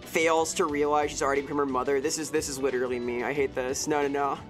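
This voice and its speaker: A woman's voice: rumbling low, flat delivery, fast talker, soft background music. A woman streamer chatting casually while playing a game, talkative, laughing often and answering chat.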